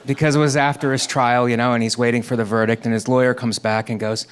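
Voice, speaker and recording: A man's voice: medium pitch, flat delivery, quick pace, hardly any pauses. A man performing a stand-up comedy set, telling stories and acting out quoted characters in a conversational delivery. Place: comedy stage before a laughing audience. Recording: live stage recording with audience noise.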